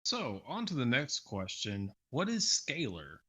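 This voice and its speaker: A man from the US South, a guest on a casual podcast, animated and asking questions. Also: medium pitch, measured pace, slightly rough.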